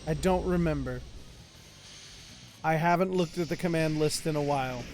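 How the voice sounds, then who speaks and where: A man streaming a game live, reacting loudly, swearing and joking with chat. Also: on the high side, normal speed, slight background noise. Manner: excitable, swears freely, shouts reactions at the game.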